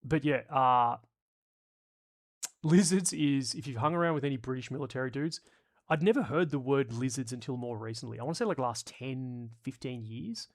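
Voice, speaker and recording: Gravelly-voiced man chatting on a stream. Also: medium pitch, moderate pace. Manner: joking, profane, rambling. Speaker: streamer host. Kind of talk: casual live-stream chat reading comments.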